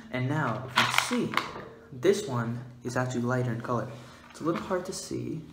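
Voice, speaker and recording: Goofy man in a roomy echo. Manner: playful, goofy, giggly, with sudden loud high outbursts. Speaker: vlogger. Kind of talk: mock-scientific comedic vlog. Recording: roomy echo, faint background hiss.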